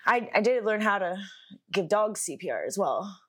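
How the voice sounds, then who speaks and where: A woman's voice: medium pitch, big pitch swings, moderate pace. A young woman co-hosting a podcast, telling a story in a rambling, casual way, full of fillers and swearing. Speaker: podcast co-host. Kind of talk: casual chat.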